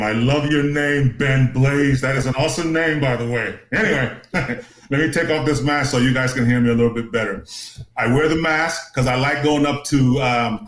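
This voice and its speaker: A man's voice: mid-range voice, reverberant, rough recording. A man who works as an asbestos inspector, chatting as a podcast guest in a jokey, rambling way. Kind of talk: casual podcast chat.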